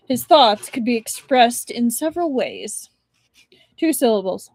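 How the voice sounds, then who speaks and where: Young woman reading a book live on stream, chatty asides, kinda high voice, dry close sound. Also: expressive, unhurried, vocal fry, darkish tone, no echo. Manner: chatty asides between narration. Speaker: streamer reading a novel aloud.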